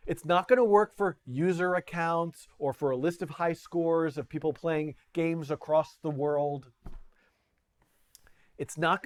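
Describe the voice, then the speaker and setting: A man hosting a live coding tutorial from a home studio, talking in a playful, chatty way and laughing at himself. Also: a little high. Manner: playful, self-deprecating, chatty with frequent laughs.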